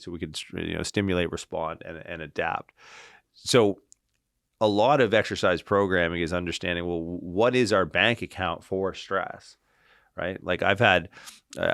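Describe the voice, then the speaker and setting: A man with a very deep voice talks as a podcast guest and clinician. His delivery is animated and casual, full of "like" and "right?", with the odd casual swear. The sound is dry, with no room in it. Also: creaky, no echo. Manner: animated, tags lines with "right?" and "like". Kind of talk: casual interview storytelling.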